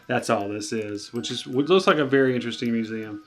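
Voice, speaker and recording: A man of middle pitch chatting loosely as co-host, trailing off into fillers and laughing easily. Faint music sits underneath. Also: a little fast. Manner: rambling, laughing, many fillers. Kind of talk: casual chat.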